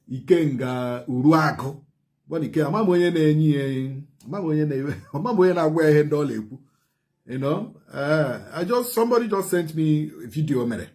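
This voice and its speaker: A man with a Nigerian Igbo accent and a fairly high, slightly mellow voice delivers heated social media commentary. He's emphatic and repetitive, switching back and forth between Igbo and English.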